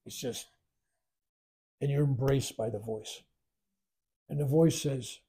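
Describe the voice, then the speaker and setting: A man leading a spiritual workshop, telling a long personal story in a rambling, animated way and acting out the quoted voices. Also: mid-range voice, takes it slowly, pauses often, breathy edge. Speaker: spiritual teacher. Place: workshop room.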